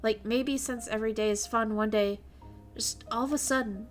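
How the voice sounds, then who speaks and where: A woman reading out an anxious teenage boy, quiet and uneasy, fairly high voice, visual novel reading, faint music. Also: steady tone, normal speed, lightly acted.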